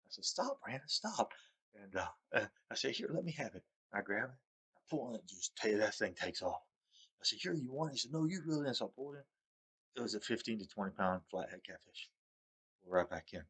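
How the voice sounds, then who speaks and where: With a husky, fairly bright voice, this man rambles through fishing-trip stories, repeating himself and chuckling along the way. When he quotes other people, his pitch goes up.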